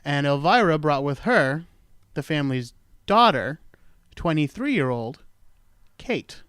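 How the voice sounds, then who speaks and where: A man's voice: fairly high pitch, sing-song, slow pace, fairly bright tone, clear, resonant tone, no room sound, clean studio sound. A man hosting a true-crime talk show, telling the story in a rambling, jokey way and correcting himself as he goes. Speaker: podcast host. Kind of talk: casual true-crime chat.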